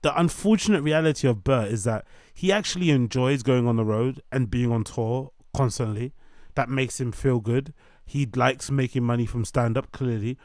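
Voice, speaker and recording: A man's voice: medium pitch, a little mellow, dry recording, clean studio sound. A man hosting a commentary show, ranting in an opinionated way and stacking up long lists of points. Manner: opinionated, rapid listing, sarcastic. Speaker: commentary channel host. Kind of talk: ranting commentary on a podcast clip.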